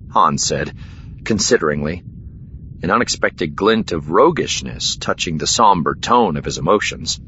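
Brief: male audiobook narrator, deep bright-edged voice, dull recording with faint hiss. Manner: steady, measured reading.

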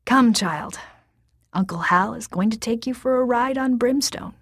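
A woman's voice: a little high, a little slow, fairly bright tone, dry recording, clean studio sound, voice pushed up. Woman reading as a grim, weary dragon rider uncle. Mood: gentle. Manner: urgent, strained pleading.

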